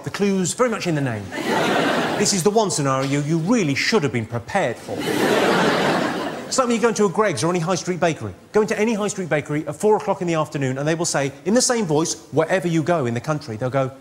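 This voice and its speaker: A comedian with a high, reedy voice delivers a stand-up routine, deadpan and sardonic, now and then snapping into profane outbursts. Loud audience laughter and live-room ambience wash around him on stage. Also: male voice, fast talker, background noise.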